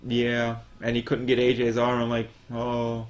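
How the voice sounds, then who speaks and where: A man's voice: mid-range voice, monotone, moderate pace. A man co-hosting a casual podcast, joking in a laid-back, teasing way. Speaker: podcast co-host. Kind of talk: casual chat.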